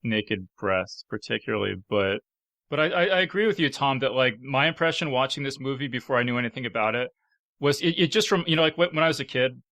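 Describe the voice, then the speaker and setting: A man's voice: medium pitch, fast talker, pushed and bright, no room sound. A man hosting a casual panel podcast, chatty and full of fillers, laughing often as he talks. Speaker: podcast host.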